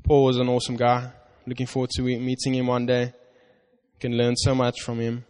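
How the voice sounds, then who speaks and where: A man preaching a sermon, reading scripture slowly and earnestly with stress on "you", often restarting his words. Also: medium pitch, monotone, darkish tone, clear, resonant tone. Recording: long hall reverb.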